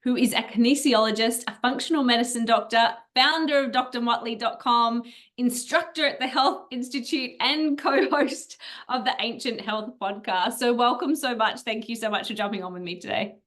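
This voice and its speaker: An Australian woman hosting a podcast interview, bubbly and quick to laugh. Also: a little high, fairly bright tone. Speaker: podcast host. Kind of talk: casual interview.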